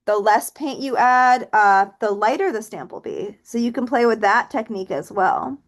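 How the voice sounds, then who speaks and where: A fairly high-voiced woman leads a relaxed painting lesson in an easy, chatty tone. She thinks aloud as she works and drops to a soft count while stamping. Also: normal speed. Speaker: painting instructor. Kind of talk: relaxed step-by-step art tutorial.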